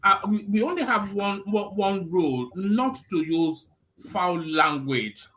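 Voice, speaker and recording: A man's voice: high voice, unhurried, sharp tone. A man hosting a live call-in discussion, jovial and easygoing, stumbling over restarts as he moderates. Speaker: host of a live call-in show.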